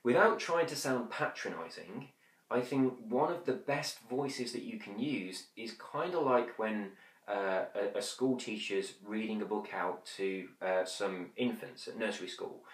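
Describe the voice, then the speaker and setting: Brief: male instructor, lowish voice, fast and chatty, slight room echo. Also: expressive. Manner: quick, chatty, frequent fillers; drops to slow whispery demonstrations. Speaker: hypnosis instructor. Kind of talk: conversational teaching. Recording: roomy echo.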